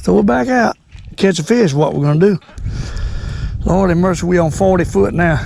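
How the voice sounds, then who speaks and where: An older man hosting a fishing vlog from a boat, folksy and excitable, repeating his exclamations. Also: sits high, moderate pace, gravelly, slight background noise, poor audio. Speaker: fishing channel host. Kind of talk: casual fishing vlog narration. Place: on a boat on a lake.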